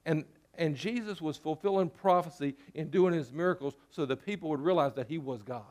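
A man's voice: fairly high pitch, a little fast, a little mellow. A man preaching a sermon as pastor, talking conversationally and putting rhetorical questions to his listeners.

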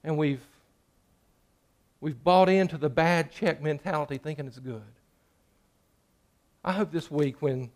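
A man preaching a sermon in a church, joking with the congregation and swinging between loud and hushed. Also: mid-range voice. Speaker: pastor.

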